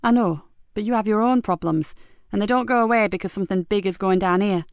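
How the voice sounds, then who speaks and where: A woman voicing a sharp, tough female detective inspector who talks brisk and blunt. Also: medium pitch, clean tone, dry recording, clean studio sound, lightly acted.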